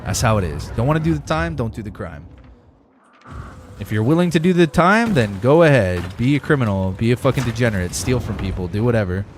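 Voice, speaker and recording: A young man live-streams a game and rants to his viewers, swearing freely and leaning hard on his points. His voice sits at an ordinary middle pitch, with faint noise behind it. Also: animated, brisk. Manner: profane, ranting, emphatic. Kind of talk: casual gaming livestream chat.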